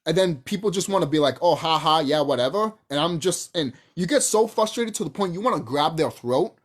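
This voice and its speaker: A channel host delivers a heated, profanity-laden rant straight to camera with no script. The voice swings widely up and down in pitch, and sentences often break off and restart mid-thought as the speaker pushes a point. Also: lively intonation, fairly quick, slightly rough.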